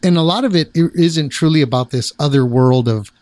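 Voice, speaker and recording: A man's voice: a little high, brisk, a little mellow, no room sound. A man hosting an interview podcast, chatting casually, rambling and restarting his thoughts, with frequent affirming murmurs. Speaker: podcast host.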